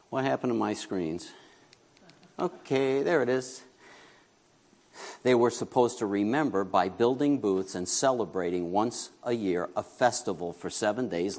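A man from New York preaching a sermon as pastor, talking conversationally, asking the congregation questions and joking with them. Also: mid-range voice.

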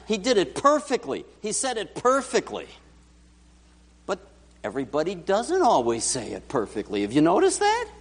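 Guy preaching a sermon, voice a bit high and all over the place, asks the crowd stuff, long echo from the church hall. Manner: animated, talks directly to the congregation. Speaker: pastor.

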